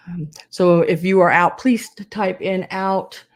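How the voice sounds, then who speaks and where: A woman's voice: on the low side, steady tone, moderate pace, hardly any pauses. A woman running a live online sale, chatting casually and calling to bidders by name. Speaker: live auction seller.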